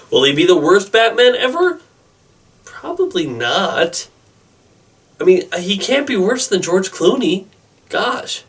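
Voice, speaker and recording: A young man with a somewhat high voice rambles through his movie predictions, excitable and full of asides. He sounds set back a little from the microphone. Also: recorded from a distance. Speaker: movie vlogger. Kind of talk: casual opinion vlog.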